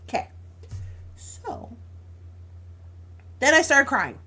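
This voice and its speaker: A woman's voice: high-pitched, big pitch swings, drawn-out words, sharp tone. A young adult woman chatting casually as a crafting stream host, telling a story with frequent laughs and acting out both sides of an argument.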